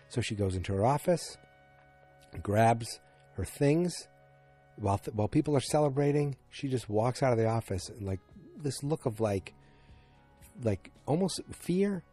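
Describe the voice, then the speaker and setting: A man hosts a casual recap show, retelling scenes in a loose, rambling way full of fillers. His voice sits a bit low and sounds mellow and slightly husky. Faint music plays quietly behind him. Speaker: podcast host recapping a TV episode.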